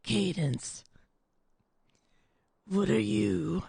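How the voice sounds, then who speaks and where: A woman mimicking an audiobook character's low, gravelly voice with a slow, drawn-out delivery. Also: a little mellow, dry recording, heavily acted. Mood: drawling.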